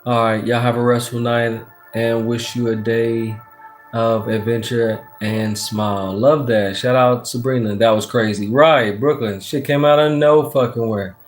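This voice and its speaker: A relaxed man of ordinary pitch talks into his phone at night, reading tarot cards and chatting loosely with viewers. He swears often and reads out comments, with faint music playing behind him. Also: unhurried. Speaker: tarot reader hosting a live stream. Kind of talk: casual livestream chat and tarot reading. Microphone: phone front camera.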